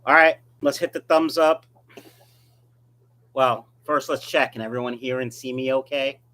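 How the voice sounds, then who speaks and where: A man's voice: mid-range voice, steady tone, a little slow, sharp tone. A man hosting a casual live stream as a fish breeder, reading viewer comments aloud and answering them in a joking, rambling, self-mocking way.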